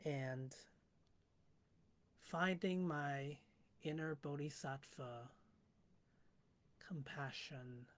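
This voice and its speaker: Slow, musing woman livestreamer. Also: low voice. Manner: slow, musing, drifts into whispers. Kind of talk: reflective spoken monologue.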